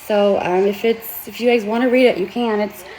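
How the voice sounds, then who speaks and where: A woman vlogging an impassioned, tearful monologue as an author, pleading earnestly and sometimes swearing, with halting restarts. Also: mid-range voice, steady tone, a little mellow. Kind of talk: emotional vlog monologue.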